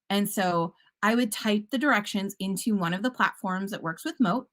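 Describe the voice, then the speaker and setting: Upbeat woman teacher giving a talk. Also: mid-range voice. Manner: upbeat, enthusiastic, a bit punny; casual fillers and self-corrections. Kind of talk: conference presentation.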